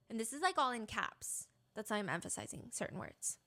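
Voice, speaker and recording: A woman's voice: fairly high pitch, sing-song, fairly quick, pushed and bright. A woman casually retelling a true crime story, reading text messages aloud with sarcastic asides and heavy emphasis.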